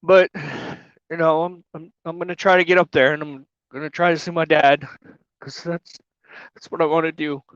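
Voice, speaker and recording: Streaming live from the cab of his truck, the trucker weeps and sniffles, swearing and apologizing in emotional, casual talk. His voice sits a little high with little pitch movement, normal speed, and a fairly bright, clear, resonant tone, recorded with no room sound but muffled.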